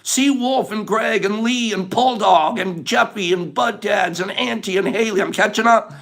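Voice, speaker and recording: A middle-aged man hosting a livestream, rapidly thanking viewers by name in a warm, effusive way. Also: high voice, gravelly. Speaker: livestream host. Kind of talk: casual livestream sign-off.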